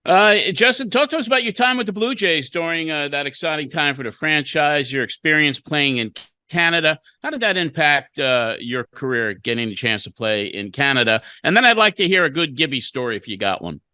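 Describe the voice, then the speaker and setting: A man's voice: a little high, lively intonation, a little fast, few pauses, pushed and bright, clean tone, no room sound. A man co-hosting a sports talk show, introducing segments in an upbeat, announcer-like way. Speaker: co-host.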